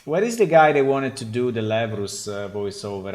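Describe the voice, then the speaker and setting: A man's voice: fairly low pitch, lively intonation, normal speed, darkish tone. A man developing a game, talking casually while he works, thinking aloud with many fillers. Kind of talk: casual dev stream commentary.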